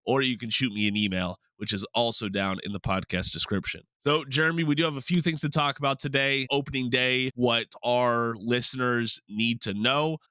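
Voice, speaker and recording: A man's voice: mid-range voice, moderate pace, few pauses, no room sound. A man hosting a casual sports podcast, upbeat and jokey. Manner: upbeat, jokey, lively delivery. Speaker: podcast host.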